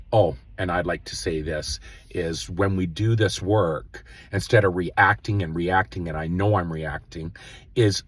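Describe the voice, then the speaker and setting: Low, husky-voiced man giving gentle life advice. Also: no echo. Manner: earnest, gently preaching, with many pauses and fillers. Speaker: host. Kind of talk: casual spiritual self-help talk.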